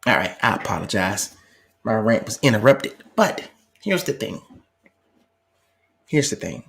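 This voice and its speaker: A man's voice: on the low side, sing-song, measured pace, creaky. A man hosting a live commentary stream, arguing with passion and firing off rhetorical questions. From United States. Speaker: channel host.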